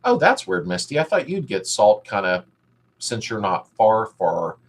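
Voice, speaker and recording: Middle-aged male host, a bit low in pitch, chatting loosely with viewers. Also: sing-song, measured pace, gravelly. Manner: rambling, reads chat comments aloud and greets viewers by name. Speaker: live stream host. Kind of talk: casual live chat with viewers.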